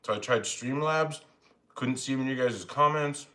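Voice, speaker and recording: A man talks over a meal on his home live stream, rambling and poking fun at himself. His voice sits at an ordinary middle pitch, and he sounds like he's talking into a phone. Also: normal speed, pushed and bright. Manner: rambling, self-mocking, chatty. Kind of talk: casual chat while eating.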